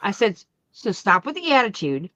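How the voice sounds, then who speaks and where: A woman hosting a crafting channel, chatting casually and acting out the family arguments in her story with lively energy. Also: medium pitch, normal speed, no room sound. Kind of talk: casual chat.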